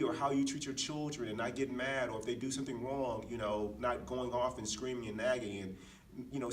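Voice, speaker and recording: A man's voice: mid-range voice, far from the mic. A man co-hosting a podcast, telling personal anecdotes in an earnest, reflective way with frequent restarts. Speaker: podcast co-host. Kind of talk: casual reflective chat.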